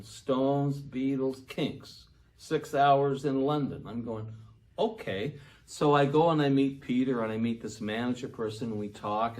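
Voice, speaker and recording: Older man telling a story. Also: medium pitch. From Canada. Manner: lively, acts out the other voices in his story. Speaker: musician. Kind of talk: anecdotal storytelling.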